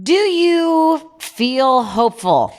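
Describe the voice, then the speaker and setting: A woman's voice: high voice, sing-song, drawn-out words. A woman hosting a podcast, talking bluntly and profanely in casual chat and storytelling. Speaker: podcast host.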